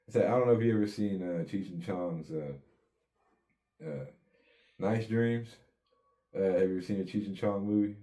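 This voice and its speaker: Low, mellow-voiced man telling his story. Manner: laid-back street slang, swears often, acts out quotes. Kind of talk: casual storytelling interview.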